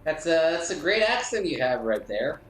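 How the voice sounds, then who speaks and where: A man's voice: fairly high pitch, very animated, moderate pace, echoey room, faint music behind. A man hosting a let's play, giving wry, joking commentary on the game. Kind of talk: casual gameplay commentary.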